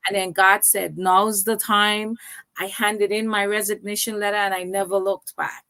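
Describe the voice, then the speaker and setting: A woman's voice: medium pitch, flat delivery, normal speed, bright, forceful tone, a little hiss or hum. A woman in her thirties from Canada, a guest telling her story in casual interview chat and acting out the dialogue she quotes.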